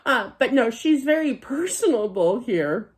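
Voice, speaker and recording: A woman's voice: on the high side, very animated, measured pace. A middle-aged woman giving a psychic reading, chatty, with many fillers and frequent laughter. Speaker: psychic medium. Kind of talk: spiritual reading monologue.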